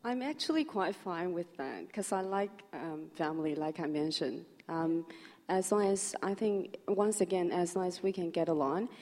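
A woman contestant on a panel, speaking gently and agreeably with soft fillers. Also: on the low side, normal speed. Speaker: dating show contestant. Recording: echoey hall on stage.

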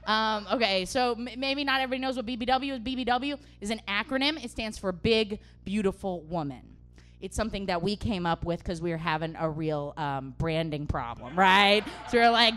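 A young woman performing a stand-up comedy set for a live audience in a small venue, with punchy delivery and loud outbursts. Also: medium pitch, expressive, normal speed.

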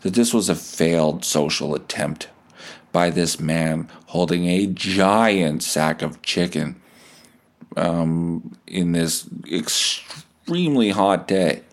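A man's voice: sits low, slow pace. A man in his thirties hosting a podcast, telling a rambling, self-deprecating comic story with some swearing. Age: 30s. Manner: rambling, digressive, profane storytelling. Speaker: podcast host. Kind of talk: comedic podcast monologue.

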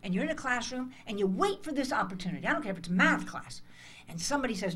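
A woman's voice: fairly high pitch, lively intonation, fast talker, fairly bright tone. A woman in her sixties from the United States, giving an emphatic motivational speech to a room of interns. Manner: passionate, emphatic, acts out dialogues. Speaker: speaker addressing interns. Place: conference hall.

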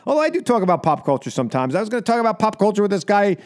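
Lively, animated male radio host. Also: sits high, rapid-fire. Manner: animated, rambling with fillers. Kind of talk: casual radio chat.

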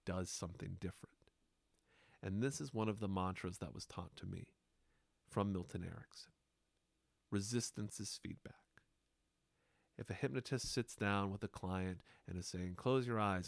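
Slow, soft-spoken man with a deep voice. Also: no room sound. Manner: unhurried, soft-spoken, hypnotic pauses. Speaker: podcast host and hypnotherapist. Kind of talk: slow reflective monologue.

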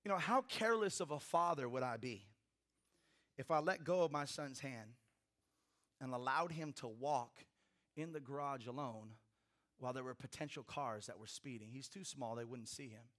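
Pastor, male, bright voice, dynamic preaching with joking asides. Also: medium pitch, normal speed. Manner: preaching with big swings from loud to hushed; humorous personal asides to the congregation. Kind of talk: sermon.

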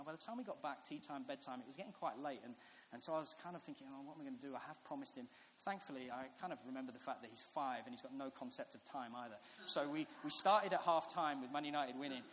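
Preacher telling family stories. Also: male voice, a little high, a bit bright. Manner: chatty, storytelling, building to earnest reflection. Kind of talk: sermon with personal stories. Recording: echoey hall with faint hiss.

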